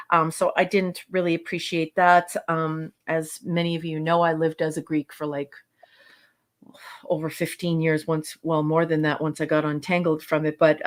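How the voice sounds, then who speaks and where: A woman co-hosting a podcast, chatting casually through a review, halting with frequent fillers and restarts. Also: low-pitched. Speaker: podcast co-host. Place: lives in Canada.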